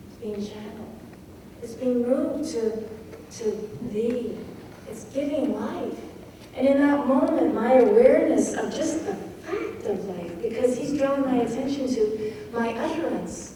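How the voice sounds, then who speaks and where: Woman, poetry lecture, deliberate word-by-word emphasis, slightly high voice, faint background hiss. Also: dark tone. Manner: slow, deliberate, stresses words one at a time. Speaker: poetry craft talk speaker. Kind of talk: lecture to workshop audience. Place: lecture room at a poetry festival. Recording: echoey room, mic far off, faint noise.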